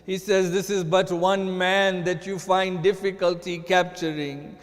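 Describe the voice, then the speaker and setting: A man's voice: high-pitched, flat delivery, measured pace. A man giving a sermon as a sheikh, telling a mournful story and rising into chanted lament. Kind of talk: sermon narration. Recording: long hall reverb.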